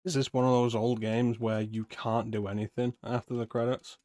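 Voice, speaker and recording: A man streaming a game, giving relaxed, musing casual commentary. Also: mid-range voice, normal speed, no echo, clean studio sound.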